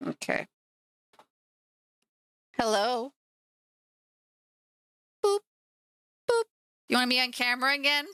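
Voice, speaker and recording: Bright, clear-voiced woman streamer chatting. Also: high voice, big pitch swings, slow, long pauses, no echo. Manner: chatty and playful, teasing her cat. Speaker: streamer painting miniatures. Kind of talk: casual live-stream chat.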